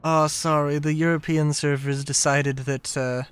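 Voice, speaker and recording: A man's voice: fairly high pitch, level tone, a little slow, clean tone, dry recording. A young man streaming a game live, rambling in casual commentary and often breaking into laughter.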